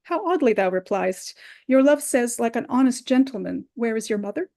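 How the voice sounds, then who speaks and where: A lovesick young girl, impatient and pleading, her lines rising urgently as she presses for news, read by a woman. The voice sits a little high. It carries the air of a Shakespeare reading. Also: expressive, normal speed, warm tone.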